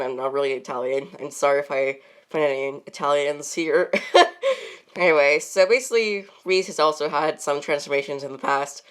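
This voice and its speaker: A woman's voice: deep voice, smooth. A woman chatting casually and unscripted as a channel host, rambling with many fillers and frequent laughs.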